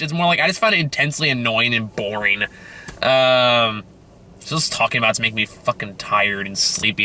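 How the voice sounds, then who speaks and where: Man, film reviewer, bright forceful voice, sarcastic, swearing, rambling, tired. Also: mid-range voice, a little hiss or hum. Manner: sarcastic, profane, rambling with fillers. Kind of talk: casual film review rant.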